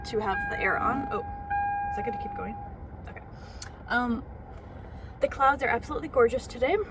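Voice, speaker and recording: A woman's voice: fairly high pitch, a little fast, noisy background. A young woman vlogging from inside a parked car, rambling and self-conscious with lots of fillers, talking into her phone. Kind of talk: casual vlog monologue.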